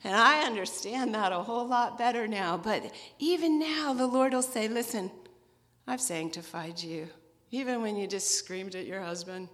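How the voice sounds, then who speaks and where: A woman's voice: medium pitch, normal speed, a bit bright. A middle-aged woman who leads a women's ministry, giving a candid, self-deprecating personal testimony. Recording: echoey hall.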